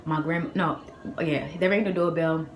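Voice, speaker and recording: A young woman from the Boston area telling a storytime vlog on her phone, chatty and animated with lots of fillers. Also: low voice, normal speed, reverberant, slight background noise. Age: young adult. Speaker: vlogger.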